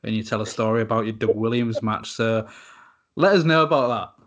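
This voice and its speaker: A man hosting a podcast, asking an interview question slowly and with hesitation. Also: fairly low pitch, fairly bright tone, muffled recording. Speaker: podcast host.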